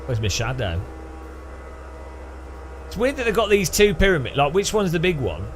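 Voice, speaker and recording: A man's voice: on the high side, wildly swooping pitch, normal speed, background noise. A man giving rambling, jokey gameplay commentary, thinking aloud. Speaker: gaming channel host.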